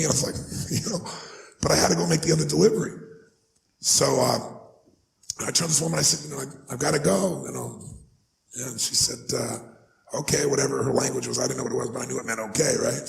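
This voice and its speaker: A man telling an emotional personal story as a motivational speaker, earnest and climbing higher in pitch as his feelings build. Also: creaky. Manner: earnest, building to rising excited pitch when moved. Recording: echoey room with faint music underneath.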